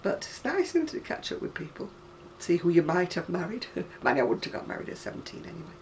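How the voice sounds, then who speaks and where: A woman's voice: on the low side, sing-song, fast, recorded from a distance, a little hiss or hum. A woman in her sixties with a northern English accent, chatting casually and rambling to camera about her crafts, often laughing. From North West England. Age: 60s. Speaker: craft seller.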